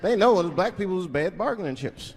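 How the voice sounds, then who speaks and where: A man performing a stand-up comedy routine, telling stories with sudden shifts between voices and low muttered asides. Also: animated, a little fast, long reverb tail, noisy background. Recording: live stage mic with crowd laughter.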